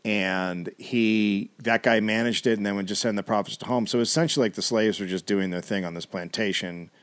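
A man with a fairly low voice recounts a story for a comedy podcast in an easy conversational tone. He drops in wry, blunt asides and the occasional swear as he goes. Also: fairly even intonation, brisk, a bit bright. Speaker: podcast co-host telling the story. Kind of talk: casual storytelling chat.

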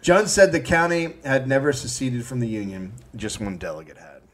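A man's voice: mid-range voice, big pitch swings, normal speed. A man co-hosting a comedy history podcast, reading quotes from his notes and breaking off into profane asides. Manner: profane, reads quotes from notes then riffs.

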